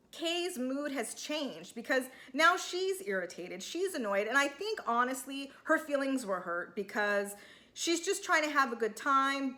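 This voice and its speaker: A woman's voice: a little high, sharp tone. A woman giving a casual, heated recap of a reality show, chatty and full of filler words.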